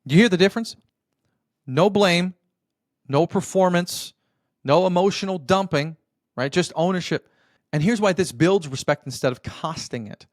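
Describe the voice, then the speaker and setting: Earnest coaching man, higher-pitched, dry sound. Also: no room sound. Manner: earnest and coaching, checks in with "right?"; addresses listener as brother. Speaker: podcast host. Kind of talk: motivational marriage advice talk.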